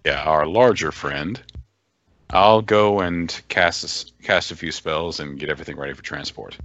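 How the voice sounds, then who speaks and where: A man playing a tabletop game, describing his character's plans haltingly with fillers. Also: a bass voice, fairly bright tone, a little hiss or hum. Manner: halting, searching for words. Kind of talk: casual role-play. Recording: dull lo-fi voice chat.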